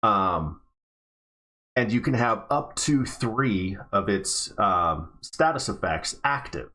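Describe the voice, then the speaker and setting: A man playing in a tabletop game livestream, halting and hesitant, with frequent ums. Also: on the low side, lively intonation, bright, forceful tone. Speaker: player.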